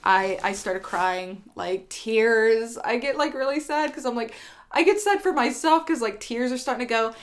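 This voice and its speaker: A woman's voice: on the high side, normal speed. A young woman vlogger telling a candid storytime, rambling and swearing freely with lots of fillers. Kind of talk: storytime vlog.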